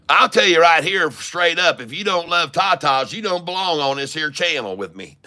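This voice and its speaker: A man chats on a casual trading livestream. His voice is bright and forceful, and his talk is jokey and rambling. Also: on the high side, expressive, a little slow. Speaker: stock trading streamer.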